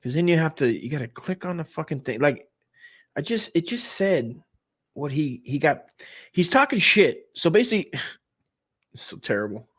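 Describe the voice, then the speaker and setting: A man's voice: fairly high pitch, expressive, normal speed, long pauses, no echo, studio quality. A man in his forties doing a crude, rambling comedic monologue, trailing off and restarting as he goes. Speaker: comedy podcast host.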